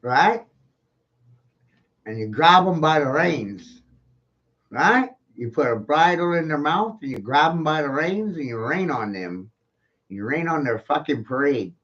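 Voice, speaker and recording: A man's voice: a little high, expressive, a bit bright. A man giving rambling, profane solo commentary, full of rhetorical questions. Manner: rhetorical, profane, keeps asking "right?"; slow, drawn-out delivery. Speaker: commentary streamer. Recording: dull lo-fi home recording.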